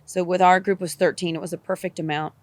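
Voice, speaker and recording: A woman podcast guest telling a personal story in an animated way, repeating phrases and swearing casually. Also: on the low side, fast talker, no echo.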